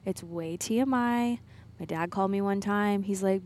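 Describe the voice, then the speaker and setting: A woman's voice: mid-range voice, normal speed, a little hiss or hum. Chatty woman rambling alone in a car. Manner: chatty, rambling, laughs at herself. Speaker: podcast co-host. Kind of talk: casual solo chat. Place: parked car.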